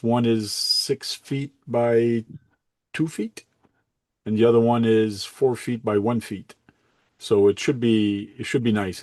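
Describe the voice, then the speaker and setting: A man hosting a casual livestream chat, relaxed and rambling, often correcting himself as he goes. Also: lowish voice, no echo. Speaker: host.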